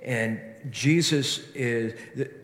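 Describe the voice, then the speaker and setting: A man's voice: mid-range voice, extremely slow, fairly bright tone. A man preaching a sermon with earnest rhetorical questions and frequent restarts. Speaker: pastor. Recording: echoey hall reverb.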